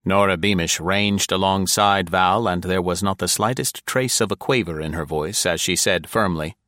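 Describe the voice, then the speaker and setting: Narrating an audiobook, a man keeps an even, measured storyteller's pace in a low register. It's a dry, studio-quality recording.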